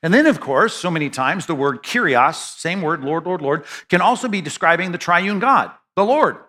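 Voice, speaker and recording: A man's voice: fairly high pitch, lively intonation, moderate pace, sharp tone. A male pastor teaching an expository sermon in a conversational way, with many restarts and asides.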